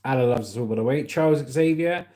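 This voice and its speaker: A man's voice: mid-range voice, fast talker, dark tone. A British man hosting a casual livestream, chatting and reading out viewer comments in an upbeat way. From Britain. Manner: chatty and upbeat, calls viewers mate and legend. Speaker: livestream host.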